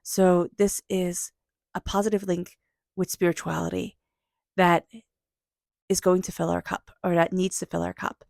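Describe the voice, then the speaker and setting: Tarot reader, female, earnest and reflective, gravelly low voice. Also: little pitch movement, a little slow, long pauses, darkish tone, no echo, studio quality. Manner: earnest, reflective, speaks to viewers directly. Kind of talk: intuitive tarot reading.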